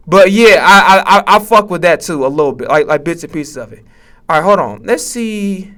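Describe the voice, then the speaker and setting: A man's voice: high voice, animated, normal speed, a bit bright. A man streaming live, giving reaction commentary in a profane, stammering, rant-like way from his home setup. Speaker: Twitch streamer.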